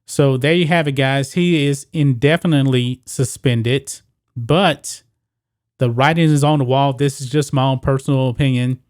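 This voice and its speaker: A man's voice: mid-range voice, steady tone, moderate pace, darkish tone, no echo. Man giving solo sports commentary, dry sound. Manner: talks straight to viewers, reads news quotes aloud.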